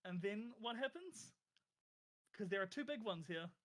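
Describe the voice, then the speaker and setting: A man's voice: high-pitched, expressive, normal speed, a bit bright. Casting: a man at a game table, easygoing chat, voice that rises and falls a lot. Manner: chatty, laughs while describing his character. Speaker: player.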